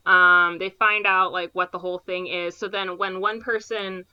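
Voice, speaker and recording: A woman co-hosting a podcast, casually retelling a movie plot with lots of fillers and quick impressions of the characters. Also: on the low side, smooth, dull audio. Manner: animated retelling with frequent fillers and quoted impressions. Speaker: podcast co-host.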